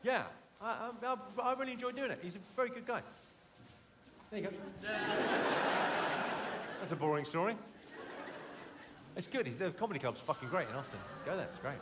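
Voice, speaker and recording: Teasing audience members with crude, brash humor, a comic works the crowd in a club while loud laughter erupts around him. He speaks briskly and animatedly, pausing often, with a voice that sits high over the background noise.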